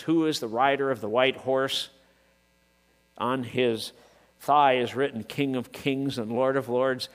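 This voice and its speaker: A man preaching a sermon to his congregation, asking rhetorical questions and working up to shouts. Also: medium pitch. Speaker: pastor. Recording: long reverb, hall.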